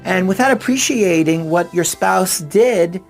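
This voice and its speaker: A man's voice: sits high, measured pace, gravelly, faint music behind. A middle-aged man and author, earnestly retelling personal anecdotes to explain a relationship idea. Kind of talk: personal storytelling and advice talk.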